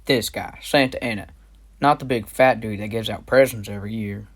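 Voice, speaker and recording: A man's voice: on the low side, steady tone, normal speed. A young man playing a boastful, slangy tough soldier who narrates in an amateur history comedy sketch. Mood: cocky. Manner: cocky, slangy. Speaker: narrator of a flashback in a school history skit.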